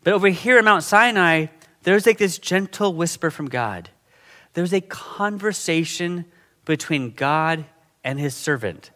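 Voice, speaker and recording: A middle-aged man preaching a sermon in a conversational, animated way, often checking in with his listeners. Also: fairly high pitch, measured pace. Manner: conversational, animated, frequent "okay?" and "right?" check-ins. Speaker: pastor.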